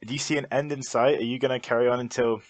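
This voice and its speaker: A man interviewing a guest, asking friendly and slightly halting questions and laughing along. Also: mid-range voice, fairly even intonation.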